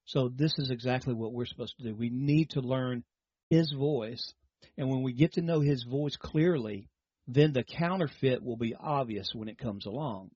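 A man preaches in a husky, breathy voice, explaining patiently and tossing rhetorical questions to the congregation. The sound is dry and a little dull, as if recorded on modest gear close to the mic. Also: medium pitch, normal speed, darkish tone, no echo. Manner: teaching, repeats words, asks rhetorical questions. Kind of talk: sermon.

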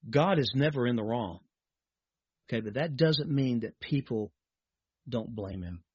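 A man's voice: medium pitch, animated, unhurried, a little mellow, husky, no echo, dull audio. A man preaching a sermon, reading scripture aloud and then speaking straight to his listeners.

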